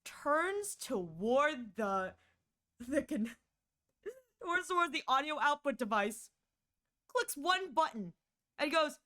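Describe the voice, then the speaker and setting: A woman streamer tells a story over a condenser mic, her voice bright and set a little high. Her pitch leaps and dips all over as she talks, exasperated and animated. She rushes some phrases and stretches others out. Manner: animated and exasperated, swings between quick and drawn-out. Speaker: streamer and voice actor.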